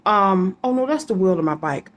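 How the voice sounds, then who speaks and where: A woman's voice: medium pitch, expressive, normal speed. A woman giving a casual psychic reading to her viewers, rambling and repeating names and letters aloud as she goes. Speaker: psychic reader.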